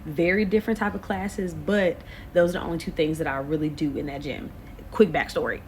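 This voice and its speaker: A woman in her late twenties telling a storytime to camera, animated and expressive, full of slang. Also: low-pitched, brisk, slight background noise. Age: late 20s. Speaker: vlogger. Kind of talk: casual storytime.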